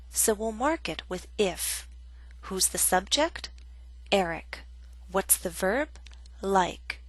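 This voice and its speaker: A woman narrates an English grammar lesson in a measured, carefully enunciated way. Her voice sits at a medium pitch and sounds dry and close, with no room echo. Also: bright, forceful tone. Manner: slow, deliberate, clearly enunciated. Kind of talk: scripted instructional narration.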